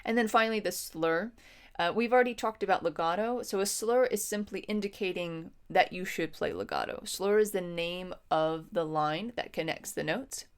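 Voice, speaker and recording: A woman with a fairly low voice teaches a music lesson. She explains patiently and step by step, pausing on ums as she thinks. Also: smooth. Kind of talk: instructional lesson.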